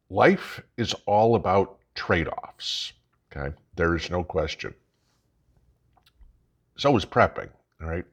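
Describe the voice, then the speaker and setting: Older chicago guy, real low husky voice, folksy chat, keeps going "okay? all right?". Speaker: prepping channel host. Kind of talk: casual talking-head monologue.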